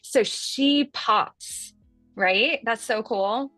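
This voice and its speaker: A woman's voice: fairly high pitch, very slow, pushed and bright, no room sound, soft background music. Chatty woman with a light Southern accent. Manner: chatty and folksy, says y'all, laughs at herself. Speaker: livestream host demonstrating software. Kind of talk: casual on-screen tutorial.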